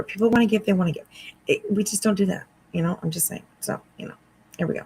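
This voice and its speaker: A commentary host talking wryly over a livestream, hesitant with many pauses and restarts. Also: mid-range voice, gravelly, a little mellow, slightly rough, poor audio.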